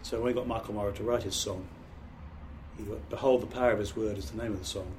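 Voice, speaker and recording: A man's voice: fairly low pitch, fairly even intonation, quick pace, noisy background. A middle-aged British man, a pastor, giving a training talk on preaching in an earnest, emphatic, conversational way with restarts. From Britain.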